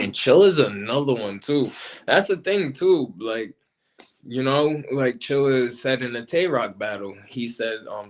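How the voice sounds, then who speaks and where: Slangy, animated man talking battle rap. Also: lowish voice. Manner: animated, slangy, repeats himself. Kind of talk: casual commentary monologue.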